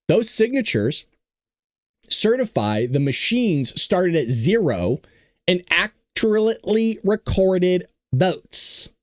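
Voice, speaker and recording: A man hosts a casual political news show, talking with a lot of sarcasm and frequent laughter. His pitch moves around a lot as he mocks what he is reporting, and the sound is dry and close with no room echo. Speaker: host.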